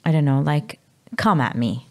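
A Maltese-accented woman, a mother talking candidly about her sick child, pausing and searching for her words. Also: low-pitched, vocal fry, darkish tone. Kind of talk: candid emotional conversation.

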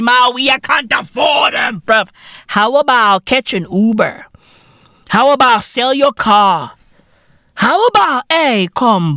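A man's voice: sits high, no room sound. South African man, podcast host, profane comic rant, swings wildly up and down, dry close mic. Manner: loud, incredulous, repeats himself, swears constantly.

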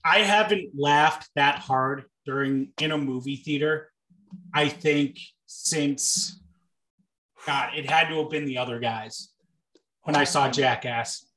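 A young adult man co-hosting a podcast, chatting casually with deadpan jokes. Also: medium pitch, takes it slowly, reverberant, poor audio. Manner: joking, deadpan riffing. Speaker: podcast co-host. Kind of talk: casual chat.

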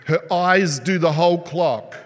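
Male preacher, animated storyteller, lightly raised pitch; reverb-heavy hall sound. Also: unhurried. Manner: animated storytelling, asks the congregation rhetorical questions. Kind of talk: sermon. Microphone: sermon mic, mask just taken off.

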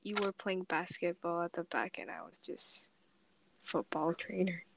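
A woman's voice: fairly low pitch, unhurried, creaky, a crowd in the background. A twelve-year-old girl chatting playfully on a remote call from a dormitory. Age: child, twelve. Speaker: co-host. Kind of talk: casual chat.

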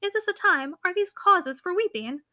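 A woman's voice: very high voice, expressive, sharp tone, voice pushed up, full character voice. A woman voicing a spirited, commanding young heiress who speaks firmly and a little sternly in a classic novel reading. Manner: firm, brisk, slightly stern.

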